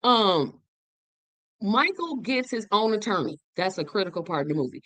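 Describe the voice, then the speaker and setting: A woman hosting her own show, talking through a movie in an animated, emphatic way and repeating words for effect. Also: medium pitch, moderate pace, dry recording. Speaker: show host. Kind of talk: casual movie review chat.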